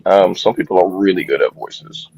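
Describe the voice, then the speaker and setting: A man's voice: low-pitched, moderate pace, a little mellow, lo-fi sound. A man in casual chat on a live stream, making dry, wry remarks.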